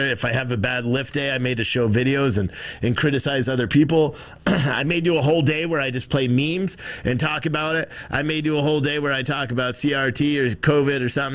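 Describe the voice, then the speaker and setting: A man's voice: medium pitch, fairly bright tone. Brief: young guy host, profane live-stream rant, blunt and rambling, at a desk mic. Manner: blunt, crude, rambling with fillers. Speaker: livestream host.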